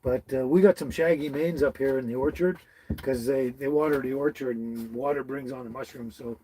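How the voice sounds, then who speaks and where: A man's voice: medium pitch, fairly even intonation, brisk, warm tone, slightly rough, poor audio. A man from British Columbia, hosting a casual live stream and greeting viewers by name in a folksy way. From British Columbia, Canada. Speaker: livestream host. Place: tiny house with dogs nearby.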